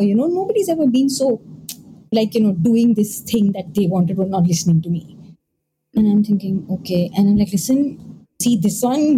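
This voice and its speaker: A woman, casually telling a ghost story and acting out the voices, often checking in with "okay?". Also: mid-range voice. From India. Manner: animated, acts out quoted voices, frequent "okay?" check-ins. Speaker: storyteller host. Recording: noisy background ambience.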